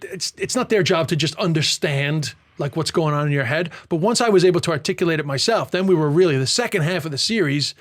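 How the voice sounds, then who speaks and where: A male stand-up comedian from Ireland, telling stories fast in casual podcast chat and swearing freely. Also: fairly high pitch, no room sound. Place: tent.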